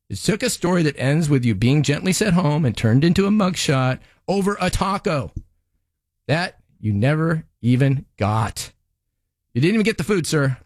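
A stern, sarcastic TV judge tears into a defendant in a lively, up-and-down voice that swings between mockery and disbelief, as a man reads her part. The pitch sits a little high for a man, and the sound is dry and close. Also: no room sound, lightly acted. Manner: sarcastic, scolding, mocking the defendant. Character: stern, scolding female TV judge handing down rulings. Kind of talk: comedic courtroom monologue.

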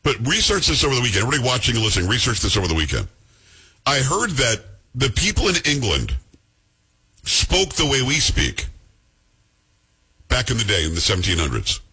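Male talk-radio host, animated and joking, bright, raspy voice, broadcast studio sound. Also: mid-range voice, brisk, pauses often. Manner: animated, joking, jumps between loud and quiet.

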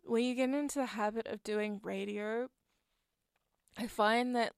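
A woman's voice: a little high, fairly even intonation, unhurried, clear, resonant tone, no room sound, clean studio sound. A young woman hosting a radio show, rambling chattily between tracks and often trailing off and restarting. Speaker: radio host. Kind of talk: casual radio presenting. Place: radio studio.

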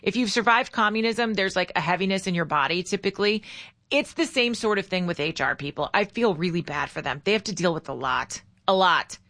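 A woman's voice: mid-range voice, animated, fairly quick, fairly bright tone. A woman hosting a morning radio talk show in a studio, chatty and bubbly, laughing at herself.

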